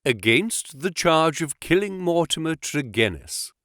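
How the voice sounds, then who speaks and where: A man reading an audiobook, voicing a calm, commanding detective who speaks in a crisp, precise, insistent way. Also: a little high, unhurried, dry recording, studio quality, voice pushed up. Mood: calm, assured. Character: cool, commanding male detective, calm and assured.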